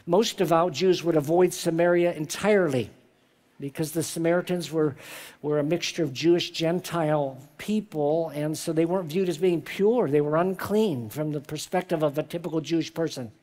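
A man's voice: on the high side, moderate pace, darkish tone. A man preaching a sermon as pastor in a church, reading scripture aloud and explaining it with rhetorical questions.

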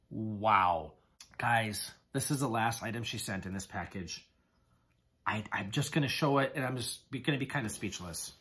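Talk like a guy showing off a haul, overwhelmed and grateful, halting and starting over, everyday middle voice. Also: mid-range voice, fairly bright tone. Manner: effusive, gushing thanks with halting restarts. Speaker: haul vlogger. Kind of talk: casual haul video chat.

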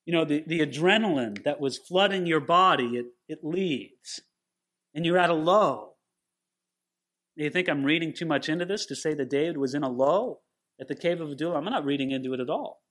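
A man's voice: fairly high pitch, a little fast, a bit bright. A man giving a sermon-style Bible teaching, earnest and putting questions straight to his listeners.

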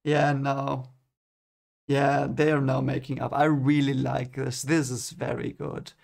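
A man's voice: medium pitch, level tone, measured pace, vocal fry, a little mellow. A young man giving first-time read-along commentary on a book, hesitant and repeating his words, often chuckling. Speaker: book reader reacting.

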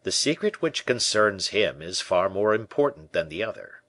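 A man voicing a suave, scheming churchman who speaks in soft, honeyed tones. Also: fairly low pitch, sing-song, normal speed, no room sound.

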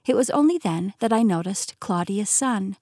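A woman narrating a novel in first person with lively storytelling, recorded close in a recording booth. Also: medium pitch, normal speed, no room sound. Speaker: audiobook narrator. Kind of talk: scripted narration. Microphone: close studio mic.

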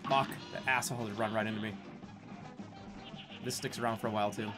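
A man streaming a video game, with casual commentary full of loud frustrated outbursts and cursing, who drops into quick mumbled asides while reading chat. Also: on the low side, steady tone, over music.

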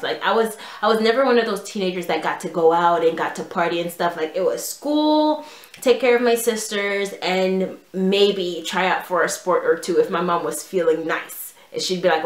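Chatty young woman in an echoey room. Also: mid-range voice. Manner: casual, animated storytelling with lots of "like". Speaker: vlogger. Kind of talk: storytime vlog.

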